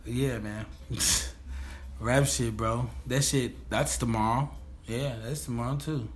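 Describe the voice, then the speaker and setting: A man's voice: medium pitch, steady tone, slow, a little hiss or hum. A man co-hosting a casual podcast about TV shows, talking in laid-back slang, laughing often and acting out the characters' lines. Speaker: podcast co-host. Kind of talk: casual TV review chat.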